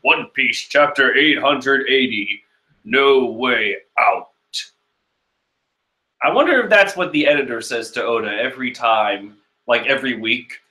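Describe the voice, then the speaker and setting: A man's voice: medium pitch, lively intonation, unhurried, sharp tone. A young man chatting casually as he reacts to a comic, rambling and full of fillers. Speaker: manga reaction host. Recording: echoey room.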